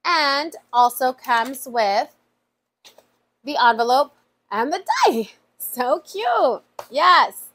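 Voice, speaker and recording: High-voiced chatty woman vlogger. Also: expressive, drawn-out words, fairly bright tone. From USA. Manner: chatty and emotional, many fillers like "like" and "y'all". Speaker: vlogger opening mail. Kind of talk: casual chat.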